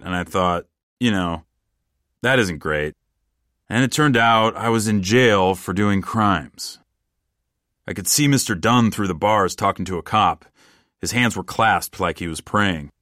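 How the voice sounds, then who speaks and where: A man tells a comic story in the first person, deadpan and rambling. His voice sits low and speaks in plain, casual words. The recording is dry, with no room echo.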